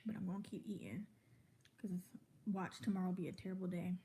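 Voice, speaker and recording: Speaking in a fairly low, dark voice with fairly even intonation and a brisk pace, this twenty-something pregnant vlogger chats casually to the camera over a meal. She rambles between subjects and talks between mouthfuls, full from eating. There is slight background noise.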